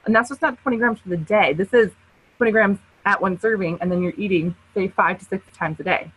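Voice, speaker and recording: A woman presenting a nutrition webinar in a chatty, lively way, acting out quotes as she tells stories. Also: medium pitch, a little fast, breathy edge, no echo, low-quality recording. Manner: chatty, lively storyteller who acts out quotes and laughs often. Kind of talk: casual webinar talk.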